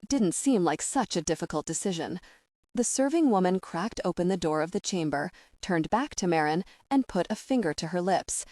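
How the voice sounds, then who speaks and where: A woman narrating an audiobook in a measured, dramatic storytelling manner on a close mic. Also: on the low side, a little mellow, no echo. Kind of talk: scripted narration.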